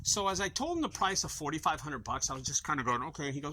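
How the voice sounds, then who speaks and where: A middle-aged man runs a junk removal business and tells a sales story in a casual outdoor vlog, acting out both himself and the customer. His voice is bright and forceful, with pitch that swings widely. A faint hum of outdoor noise sits behind him. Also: quick pace, rough recording. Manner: animated storytelling, acting out both sides of conversations. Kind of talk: casual talking-to-camera vlog.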